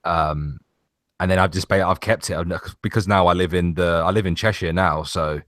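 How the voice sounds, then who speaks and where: Deep-voiced swearing English man. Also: fairly even intonation, moderate pace, a bit bright, no room sound, clean studio sound. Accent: mixed English accent shaped by Navy service. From West London, England. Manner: blunt, swears freely, stammers and restarts. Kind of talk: casual online voice chat.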